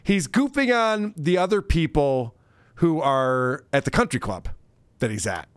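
A man's voice: a little high, sing-song, measured pace, clean tone, dry recording, clean studio sound. A man co-hosting a podcast, chatting casually and mockingly about video clips, laughing often. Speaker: podcast co-host.

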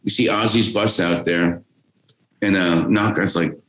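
A man's voice: deep voice, normal speed. Profane New man telling stories. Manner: animated, profane, rambling. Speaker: podcast guest. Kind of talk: casual storytelling. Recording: roomy echo.

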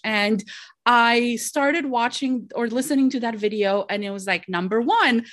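A woman's voice: on the high side, measured pace, a bit bright. A woman guest telling her story in a casual, chatty way, laughing often and saying "like" and "dude" a lot. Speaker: podcast guest.

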